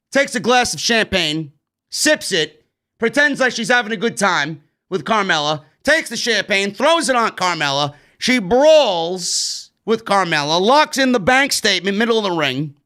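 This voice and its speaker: A man's voice: high voice, pushed and bright. A man with a New York accent recapping a wrestling show in a blunt, sarcastic, swearing rant. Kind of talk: casual recap commentary.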